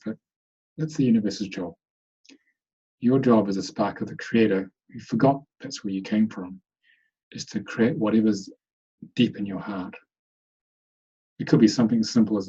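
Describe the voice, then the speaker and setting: A man leading a guided meditation in an online webinar, giving slow, soothing instructions. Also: fairly low pitch, warm tone, slightly rough, highs cut off. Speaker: meditation teacher.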